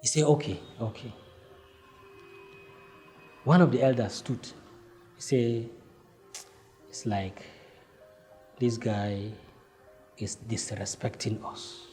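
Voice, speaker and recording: A man telling his own life story, acting out heated exchanges with lively swings in voice. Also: medium pitch. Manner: animated, acts out heated exchanges. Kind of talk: personal storytelling.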